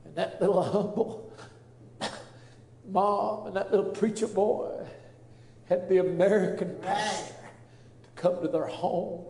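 A man tells a testimony as a preacher would, earnest and full of feeling. His voice sits high for a man. The room adds a noticeable echo around him. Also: fairly even intonation, a little slow, gravelly, long pauses, warm tone. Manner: earnest, emotional preacher storytelling. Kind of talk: storytelling testimony. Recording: roomy echo.

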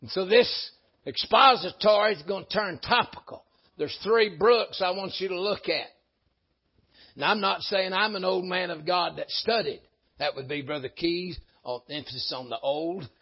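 A man preaches a folksy, emphatic sermon, swinging between loud peaks and low asides. His voice sits high and sounds husky. The recording is dull and lo-fi. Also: normal speed. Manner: folksy, emphatic preaching with sudden rises and drops. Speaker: pastor.

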